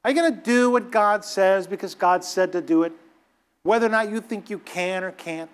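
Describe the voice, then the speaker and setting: A man's voice: high-pitched, moderate pace, smooth. A man preaching a sermon, emphatic and exhorting, scolding his listeners and acting out the people he quotes.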